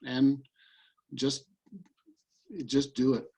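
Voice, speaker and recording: A man's voice: mid-range voice, monotone, extremely slow, mellow, rough recording. A man coaching listeners through a tapping routine over a video call, repeating short statements in an earnest way. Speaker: EFT practitioner and coach. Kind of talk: guided tapping demonstration.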